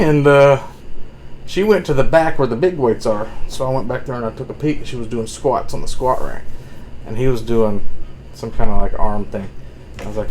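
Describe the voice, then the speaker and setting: A man's voice: mid-range voice, expressive, moderate pace, pauses often, darkish tone, a little hiss or hum, low-quality recording. Rambling man chatting about his workouts. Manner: meandering, filler-heavy, self-amused laughing. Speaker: vlogger. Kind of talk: casual rambling fitness update.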